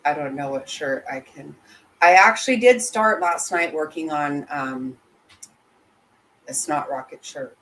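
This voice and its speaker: A woman's voice: deep voice, unhurried, a bit bright, poor audio. Woman streamer, blunt and indignant, swears a lot, talks to chat. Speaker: livestream host reading chat. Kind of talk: casual livestream commentary.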